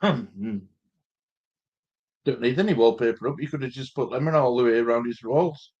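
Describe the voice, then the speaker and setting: A man's voice: medium pitch, moderate pace, darkish tone, lo-fi sound. A man joining a casual panel chat, easygoing and teasing.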